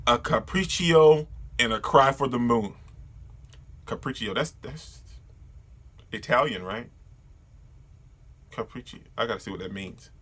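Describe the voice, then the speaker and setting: A man doing a casual readthrough of a manga, reacting excitedly, laughing and stumbling over names. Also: medium pitch, measured pace, pauses often. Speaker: manga reader and reviewer.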